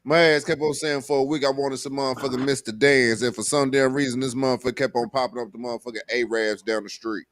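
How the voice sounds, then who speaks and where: A man's voice: mid-range voice, fairly even intonation, fast talker, hardly any pauses. A man in loose, profanity-heavy casual chat, telling joking stories. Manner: loud, profane, joking storyteller.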